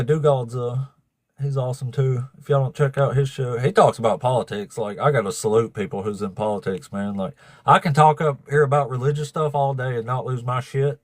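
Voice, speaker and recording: A man's voice: mid-range voice, no room sound. A man hosting a livestream of debates, chatting casually with viewers, swearing freely and laughing often. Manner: profane, laughing, talks to chat.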